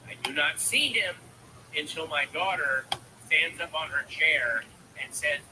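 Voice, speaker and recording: A man doing stand-up, telling a story about his young daughter with a lively, building delivery. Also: a little high, moderate pace, noisy background. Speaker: stand-up comedian.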